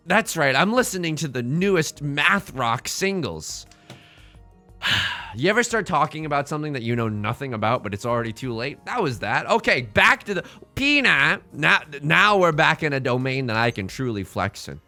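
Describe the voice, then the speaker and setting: Young guy streaming a game, bright voice bouncing all over, cracking jokes over faint music. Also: mid-range voice, very animated. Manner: joking, throws in quick impressions. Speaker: let's play streamer. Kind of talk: casual gameplay commentary. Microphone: headset mic.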